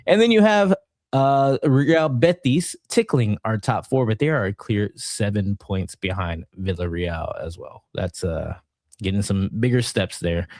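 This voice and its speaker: A man's voice: on the low side, unhurried, a little mellow, dry recording, studio quality. A man co-hosting a soccer podcast, reading out results and standings in a playful, sometimes sing-song way. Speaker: podcast co-host. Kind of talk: casual soccer match review.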